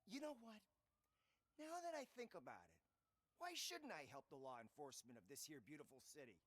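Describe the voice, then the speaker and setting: A sneering, foul-mouthed hotshot actor. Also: male voice, on the high side, big pitch swings, brisk, fairly bright tone, no room sound. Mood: smug. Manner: sneering, combative. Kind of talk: video game voice acting.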